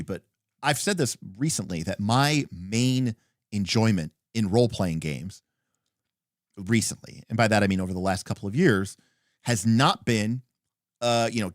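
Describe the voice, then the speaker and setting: A man's voice: on the low side, expressive, moderate pace, no room sound, studio quality. A man hosting a casual livestream, thinking aloud about a tabletop rulebook in a rambling way full of fillers. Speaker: stream host.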